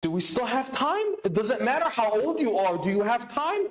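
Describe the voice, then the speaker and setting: A man's voice: very high-pitched, very animated, normal speed. A man giving a sermon with urgency, asking the crowd questions and answering them himself. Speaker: speaker at a religious celebration. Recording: echoey hall.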